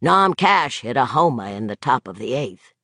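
A man's voice: medium pitch, very animated, normal speed, pushed and bright, no echo, clean studio sound, pitched below the performer's own voice. A man voicing a plain-spoken, folksy middle-aged working-class mechanic. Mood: easygoing.

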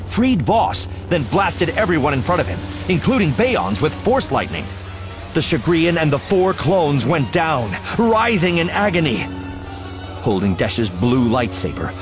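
A man narrates a dramatic action story as an audiobook, reading expressively at a middling pitch. His delivery is lively, climbing and falling with the action, while music plays clearly underneath. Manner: expressive, voicing characters.

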